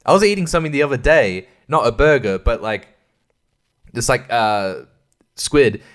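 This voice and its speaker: A man's voice: mid-range voice, expressive, normal speed. Rambling, cursing Australian man. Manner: profane, rambling, stumbling restarts. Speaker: podcast host. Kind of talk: casual solo rant.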